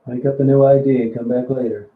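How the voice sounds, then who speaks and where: A man's voice: mid-range voice, little pitch movement, fast. A man with a Kentucky accent chatting casually on a live stream, cooing baby talk to his dog and swearing at the TV. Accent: Kentucky Southern. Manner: swears at the game on TV. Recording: echoey far-off phone-like audio.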